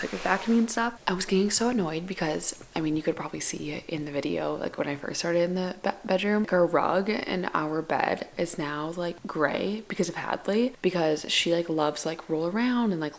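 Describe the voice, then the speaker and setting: A young woman vlogging casually at home while doing chores, chatty and full of likes, often dropping to a soft whisper. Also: lowish voice, gravelly. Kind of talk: casual vlog chat.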